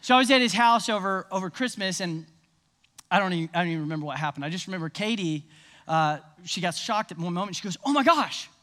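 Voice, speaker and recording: A man preaching a sermon, energetic and conversational with the congregation. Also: high voice, quick pace. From American South. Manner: energetic, conversational, crowd-rousing. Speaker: pastor.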